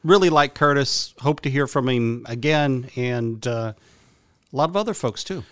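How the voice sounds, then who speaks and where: A man's voice: mid-range voice, normal speed, a bit bright, no echo. Podcast co-host, male, dry close sound, easygoing short replies. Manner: short agreeing replies, laughs easily. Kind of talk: casual podcast chat.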